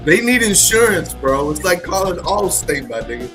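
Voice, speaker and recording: A man's voice: high-pitched, big pitch swings, moderate pace, music in the background. A man on a call-in panel with a wry, scoffing and profane way of talking, on a remote call. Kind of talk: casual call-in panel debate.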